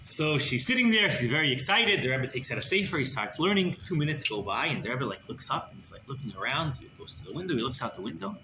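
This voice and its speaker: A rabbi telling a story in a sermon, animated and conversational, often checking in with the listeners, recorded in an echoey room with background noise. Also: male voice, medium pitch, fast, few pauses. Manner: animated, conversational, asks "right?".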